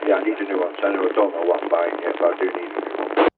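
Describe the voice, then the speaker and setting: Blunt manc bloke on cb radio, lowish voice, thin tinny sound, loads of hiss. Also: male voice, level tone, racing. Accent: Mancunian. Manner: blunt, swears a lot. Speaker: CB radio operator. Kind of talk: casual radio chat. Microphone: CB radio handset. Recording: noisy CB radio transmission.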